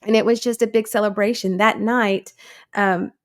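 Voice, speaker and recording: A woman's voice: mid-range voice, fairly even intonation, normal speed. A woman in her thirties, a guest in an interview, telling her own story earnestly and acting out the people she quotes. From United States.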